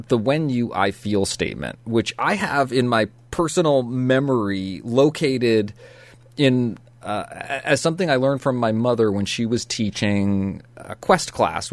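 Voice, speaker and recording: A man hosts a reflective conversation, choosing his words with care and pausing on small hesitations. The sound is dry and close, with no room around it. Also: on the low side, no echo. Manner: thoughtful, measured, with hesitations. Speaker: podcast host. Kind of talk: casual conversation.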